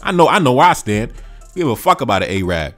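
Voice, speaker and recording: Fast and fairly bright, this American-accented man's medium-pitched voice swings widely in pitch as he passionately reacts to viewer comments in slangy street talk, repeating phrases to drive points home. Soft music plays in the background.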